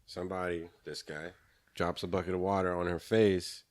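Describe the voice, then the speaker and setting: A man's voice: low-pitched, flat delivery, normal speed. A man, a comedian, in casual podcast chat, laying out a joke step by step in a laid-back way. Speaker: stand-up comedian.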